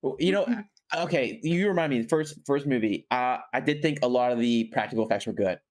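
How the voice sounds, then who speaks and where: Man, casual podcast chat, rambling, filler words, apologetic, mid pitch. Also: expressive, brisk, a little mellow. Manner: rambling, frequent fillers and self-corrections. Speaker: podcast co-host reviewing a film.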